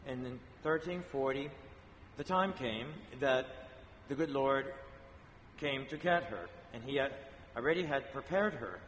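Male priest, measured homily delivery, long church reverb, faint hiss. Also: mid-range voice, animated, fairly bright tone. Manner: slow, measured storytelling with frequent pauses and fillers. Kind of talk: homily on a saint's feast day.

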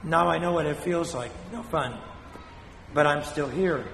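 An older man from Spain, a priest preaching a sermon in a blunt, scolding way with dramatic pauses, his voice still weak after a fall. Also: on the high side, creaky, fairly bright tone, slight background noise. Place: church. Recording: echoey hall from a distance.

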